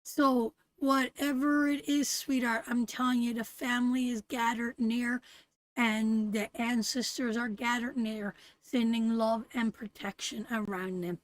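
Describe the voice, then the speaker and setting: A woman's voice: fairly high pitch, fairly even intonation, a little slow, dry recording, poor audio. A woman with a Canadian accent reading tarot on a live stream, affectionate and emphatic, calling viewers darling and sweetheart and repeating her phrases. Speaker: tarot reader.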